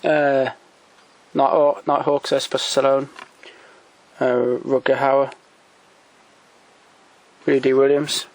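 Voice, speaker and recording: A man's voice: medium pitch, level tone, slow, long pauses, dry recording, poor audio. Man rambling about his film shelf. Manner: hesitant, many ums and restarts, enthusiastic recommendations. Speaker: collector showing DVDs. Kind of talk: casual off-the-cuff commentary. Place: home room by a shelf.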